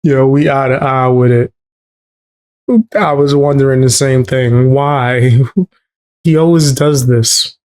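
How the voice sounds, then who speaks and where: Male co-host, relaxed casual chat, quick agreeing interjections. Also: medium pitch, clean tone. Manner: laid-back, agreeing, laughing along.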